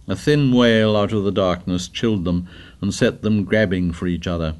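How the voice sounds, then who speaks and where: Guy reading a story aloud, lowish voice, measured and dramatic. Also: a little mellow, clean tone. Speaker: narrator. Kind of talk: scripted narration.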